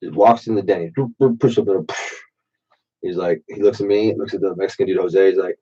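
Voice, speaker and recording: On a late-night live stream, a man in his late thirties with an allergy-blocked nose drinks and rambles through crude stories. His husky, low voice runs a little fast with fairly even intonation, heard through a dull, muffled default mic.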